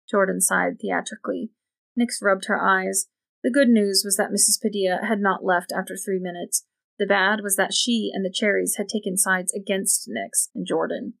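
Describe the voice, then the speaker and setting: A woman narrating a novel in an even, measured storytelling voice. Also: mid-range voice, gravelly. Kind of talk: audiobook narration.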